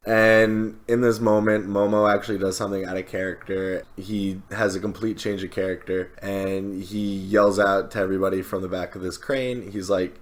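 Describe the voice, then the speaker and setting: A man's voice: low voice, flat delivery, moderate pace, hardly any pauses. A man co-hosting a podcast, retelling a comic chapter in a laid-back, slangy way and briefly voicing the characters. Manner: laid-back, slangy, acts out quotes with a laugh. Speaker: podcast co-host. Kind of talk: casual recap of a comic chapter.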